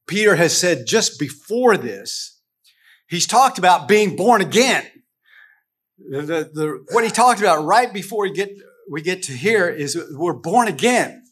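A man's voice: high-pitched, a bit bright. A man from the United States teaching a casual Bible lesson to a group, talking conversationally with frequent restarts and rhetorical questions.

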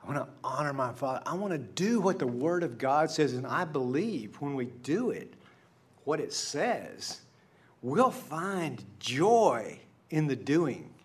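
A middle-aged male pastor preaching a sermon in a conversational storytelling way, dropping to hushed asides and climbing to emphatic peaks. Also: on the high side, very animated, a little slow, slightly rough.

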